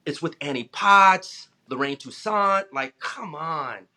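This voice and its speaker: Actor guest, male, bright tone, animated storyteller. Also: on the high side, slow pace. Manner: animated, acts out voices in anecdotes, laughs often. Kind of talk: casual interview storytelling.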